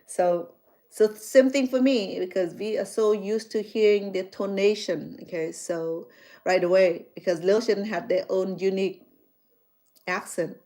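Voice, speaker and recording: Mellow-voiced woman with a Khmer accent. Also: medium pitch, fairly even intonation, measured pace. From Cambodia. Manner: rambling, many fillers and restarts. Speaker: chef and vlogger. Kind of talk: casual chat.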